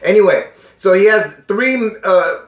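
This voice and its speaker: A man's high voice, lively in intonation and measured in pace, carries through an echoey room as he casually addresses his viewers. He's insistent and often asks if they understand, his voice strained and interrupted by coughing.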